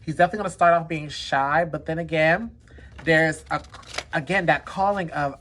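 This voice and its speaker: Chatty low-voiced woman reading cards. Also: brisk, slight background noise. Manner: chatty, repeats "definitely" often. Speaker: tarot card reader. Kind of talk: casual spirit baby card reading.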